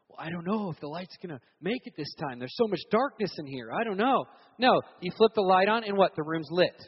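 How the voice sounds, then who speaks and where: High-voiced man preaching in an echoing hall. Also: slightly rough. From Virginia. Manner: acts out voices with loud shouting bursts. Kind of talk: animated sermon storytelling. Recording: reverberant hall, dull sound.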